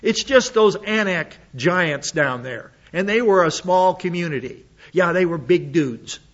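A man's voice: high voice, animated, unhurried, highs cut off. A man preaching an expository sermon, reading scripture aloud and commenting on it with blunt sarcasm.

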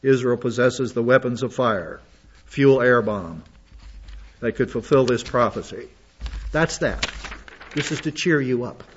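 A man's voice: mid-range voice, moderate pace, slight background noise. A man reading news articles aloud and adding his own comments and asides. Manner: reads aloud with asides and restarts. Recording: dull lo-fi audio.

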